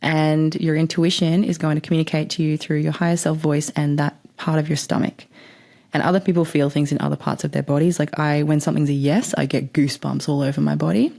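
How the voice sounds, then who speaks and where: A woman's voice: low voice, flat delivery, brisk, creaky, mellow. A woman hosting a podcast, giving spiritual advice in a chatty, rambling way and swearing casually. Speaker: podcast host.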